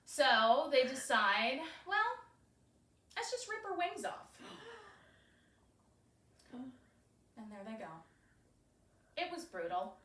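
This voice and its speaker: Her voice is high-pitched, very animated, a bit bright and exaggerated, moving slowly with frequent pauses as she plays a carefree, cheeky winged mermaid goddess. The woman recounts the story in first person in a breezy, playful way, giggling and laughing often between phrases. There's a roomy echo.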